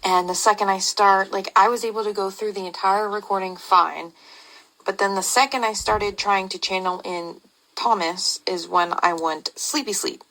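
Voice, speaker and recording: A woman's voice: mid-range voice, steady tone, normal speed, sharp tone, rough recording. A woman psychic medium recounting her experience casually and bluntly, with swearing and loose storytelling. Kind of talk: casual recorded message.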